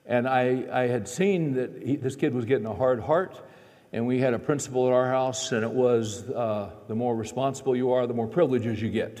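Middle-aged male pastor, sermon, mellow voice, long hall echo. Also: mid-range voice. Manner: storytelling, shifts between loud preaching and quiet aside.

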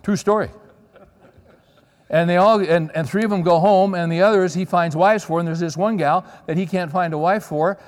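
A man's voice: sits high, fairly even intonation, normal speed. A middle-aged man preaching a sermon, telling stories in a conversational way and checking in with the audience. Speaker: pastor. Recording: long reverb of a large hall.

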